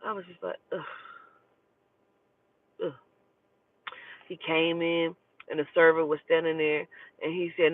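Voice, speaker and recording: A woman telling a personal story in a casual, profane and animated way. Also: low voice, a little slow, long pauses, dry recording. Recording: tinny phone-like dry recording.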